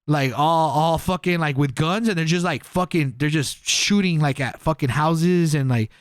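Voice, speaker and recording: A young male podcast co-host, his voice a little high and his speed normal, tells a meandering, casual story. It's full of filler and profanity, and he acts out what people said; the studio sound is clean with no echo.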